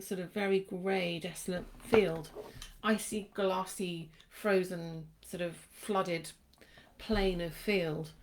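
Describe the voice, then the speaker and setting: A middle-aged woman reads poetry aloud and drifts into memories between poems. She talks in a reflective, lingering way, circling back over her own words, at a middling pitch for a woman. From England. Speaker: poetry reader. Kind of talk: reminiscing and reading poems aloud.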